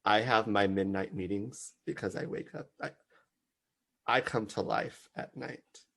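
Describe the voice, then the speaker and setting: A man hosting a casual podcast chat, an animated storyteller who slips into playful impressions. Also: on the low side, a little slow, gravelly. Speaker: podcast host.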